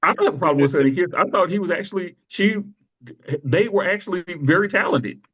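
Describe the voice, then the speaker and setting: A man co-hosts a casual wrestling podcast, his voice sitting a bit high. He tells loose, animated stories, laughs often, and acts out the people he quotes. The recording sounds dull and lo-fi. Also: fast talker, breathy edge. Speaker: podcast co-host.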